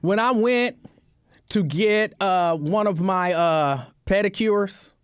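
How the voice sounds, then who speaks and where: Animated high-voiced man telling a story. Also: takes it slowly, clean tone, dry recording. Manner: animated, repeats phrases for emphasis. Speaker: host. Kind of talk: casual storytelling monologue.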